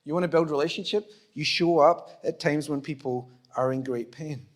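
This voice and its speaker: A man's voice: on the high side, moderate pace. Scottish man preaching a conversational sermon. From Scotland. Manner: conversational, acts out small dialogues, self-deprecating humour. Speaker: pastor. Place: church auditorium.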